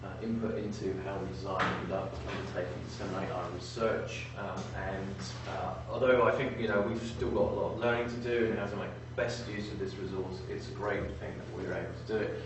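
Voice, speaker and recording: A man with a lowish voice gives a few halting opening words, pausing often on fillers. He sounds distant, in a very reverberant room, with clear background noise. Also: fairly even intonation. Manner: hesitant, many fillers. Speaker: research unit representative. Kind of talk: brief introductory remarks. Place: lecture room. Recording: very echoey room, distant from the mic, noticeable noise.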